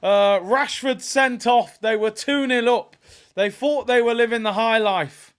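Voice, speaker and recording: Bloke doing a footy watchalong, high bright voice, banter and trolling, yells when stuff happens. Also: male voice, unhurried, clear, resonant tone. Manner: excitable banter, erupts into shouts at big moments; mocking, trolling rival fans. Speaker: football watchalong host. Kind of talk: live football watchalong commentary.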